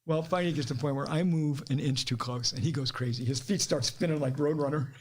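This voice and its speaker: A man's voice: on the high side, quick pace. A middle-aged man with an Ohio accent telling stories as a podcast guest, laughing often and acting out quotes. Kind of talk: casual storytelling.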